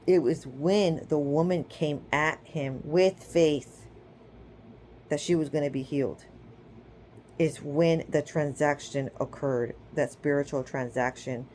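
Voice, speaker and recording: Speaking slowly in a low, somewhat mellow voice, this woman offers an informal spiritual lesson over faint background noise. She dramatizes quotes as she retells stories from scripture, chatting freely and asking her audience "okay?" and "right?" along the way.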